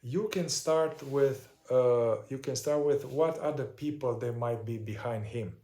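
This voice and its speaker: A man explains a therapy process one step at a time, in no hurry and pausing often to find his words. His voice sits in a middle register. The room around him rings with a noticeable echo. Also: mid-range voice, dark tone. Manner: unhurried, searching for words with many fillers. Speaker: somatic shadow work teacher.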